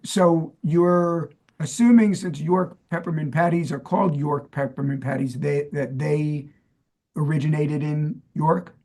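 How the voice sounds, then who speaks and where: Speaking a little slowly, this New Jersey co-host has a slightly high, dark voice that holds a steady tone. The middle-aged man keeps the podcast talk loose, quizzing his partner with trivia and lots of fillers.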